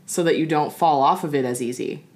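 A woman's voice: low-pitched, brisk, a little mellow. A woman in her thirties co-hosting a podcast, chatting casually and laughing easily. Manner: giggly, playful. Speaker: podcast co-host. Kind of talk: casual chat.

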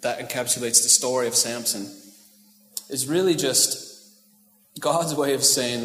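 A man's voice: medium pitch, a little slow, long pauses, fairly bright tone, slight background noise. A male pastor giving a casual, joking sermon, often checking in with the congregation. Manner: casual, joking asides, asks the crowd "right?". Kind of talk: conversational sermon. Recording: echoey hall with long reverb.

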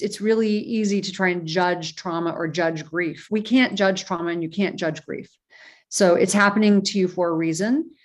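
A woman author speaking in a casual interview with an earnest, reflective manner. Her voice sits at a middle pitch, and she often pauses on fillers and restarts her sentences as she thinks aloud. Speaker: guest, author.

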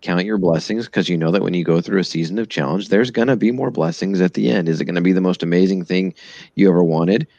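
A man in a casual podcast chat, talking in a calm, preachy way. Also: deep voice, fast talker, creaky, no room sound, muffled recording.

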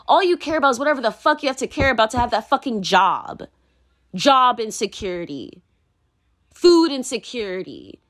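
A woman's voice: high-pitched, fairly bright tone. A woman vlogging her opinions in a rambling, heated, profane rant full of fillers.

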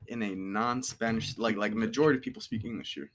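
Bright-voiced blunt man from Europe. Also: lowish voice, fairly even intonation, fast. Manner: blunt, profane and joking. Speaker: podcast co-host. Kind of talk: casual chat.

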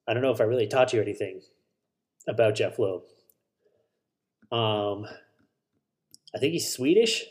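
A man's voice: fairly low pitch, expressive, unhurried, pauses often. A man hosting a solo podcast, rambling casually about shows and movies, swearing and correcting himself as he goes. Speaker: podcast host.

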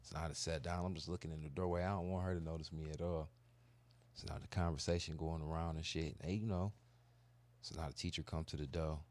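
A man telling a long, animated, profane story in casual chat. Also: a bass voice, fast. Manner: animated, profane, acts out kids' voices. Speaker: podcast co-host telling a story.

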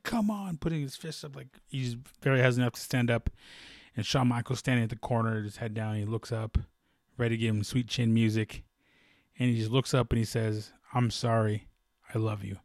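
A man's voice: mid-range voice, dry recording, studio quality. A man chatting casually about fights, rambling with many fillers and restarts. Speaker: fight commentator. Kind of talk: casual sports chat.

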